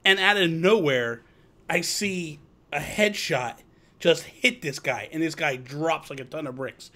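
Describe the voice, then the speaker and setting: A man hosting a casual live chat show, telling animated gaming stories and acting out quotes. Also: on the high side, unhurried. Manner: animated storyteller, acts out quotes. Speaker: host.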